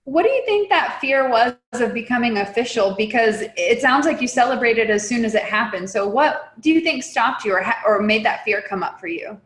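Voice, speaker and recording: A woman's voice: a little high, lively intonation, normal speed, hardly any pauses, fairly bright tone. Woman host in an echoey room. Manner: encouraging, affirming questioner. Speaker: interview host. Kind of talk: interview questions.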